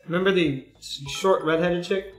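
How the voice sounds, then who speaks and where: A young man with a monotone voice chatting bluntly and profanely on a livestream, often clearing his throat. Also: sits high, normal speed, roomy sound, soft background music. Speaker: streamer, school IT worker. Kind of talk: casual chat on a livestream.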